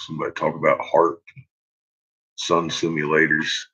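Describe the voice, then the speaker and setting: A man rambling casually in a home vlog, swearing a lot and laughing often, dropping to low mutters and rising to loud shouts. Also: completely flat delivery, moderate pace, slightly rough. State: uses bottled oxygen. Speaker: vlogger. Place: at home with a dog. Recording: dull lo-fi home recording.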